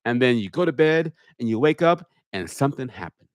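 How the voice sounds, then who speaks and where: A man speaks in his polished public speaking voice, not his everyday one. He reads viewer questions aloud and answers them plainly, as a pilot hosting a live stream from his home media room. His pitch sits in the middle range and the sound is close and dry on a studio microphone. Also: expressive, dry recording. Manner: uses a deliberate put-on public speaking voice. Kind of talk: live Q&A stream, casual chat. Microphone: studio microphone on a holder.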